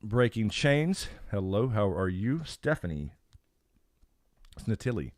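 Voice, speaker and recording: A man's voice: on the low side, very animated, measured pace, dry recording, studio quality. A man hosting a casual live stream Q&A, rambling with frequent fillers as he greets chat names. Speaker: YouTube channel host. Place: home.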